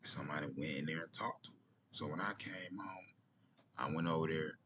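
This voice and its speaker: A man's voice: extremely low pitch, brisk, a bit bright, a little hiss or hum. A man with an Atlanta accent telling stories in a casual vlog, loose and slangy, often dropping to near-whispers. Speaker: vlogger.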